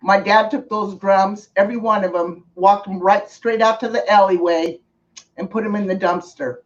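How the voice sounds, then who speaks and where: A woman streamer telling a personal story in casual, unhurried speech, earnest in tone and pausing to thank viewers. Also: mid-range voice, steady tone. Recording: distant, dull lo-fi mic.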